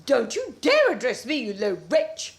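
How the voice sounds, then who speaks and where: A woman's voice: high voice, wildly swooping pitch, measured pace, heavily acted. A woman playing a haughty meddling mother-in-law. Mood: indignant. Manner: haughty, indignant. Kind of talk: amateur radio play acting.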